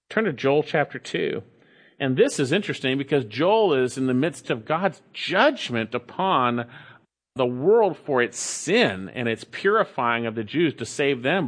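A man's voice: mid-range voice, a bit bright. A man preaching a sermon, reading scripture aloud and repeating key phrases for emphasis.

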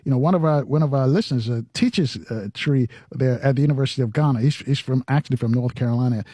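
A man hosting a radio interview, asking questions in a halting, animated way with lots of fillers. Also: mid-range voice, no echo. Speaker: radio host.

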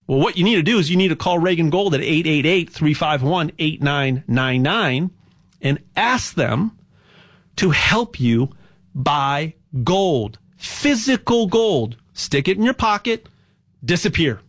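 A man with a somewhat raised voice talks through a loose promotional monologue as a host. He rambles and gets animated, stumbling and restarting his sentences before pressing on. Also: a little high, unhurried. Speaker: host pitching gold buying.

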